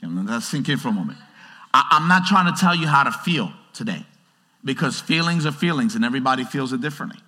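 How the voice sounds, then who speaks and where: Animated preacher in a reverberant hall. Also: male voice, mid-range voice, fast talker. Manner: conversational, animated preaching with acted-out quotes. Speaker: pastor. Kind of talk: sermon. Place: large church hall.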